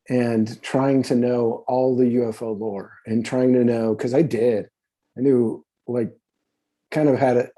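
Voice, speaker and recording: A man in his fifties, appearing as a podcast guest, tells stories in a casual, conversational way, rambling and swearing, full of fillers and restarts. His voice is mid-range and warm.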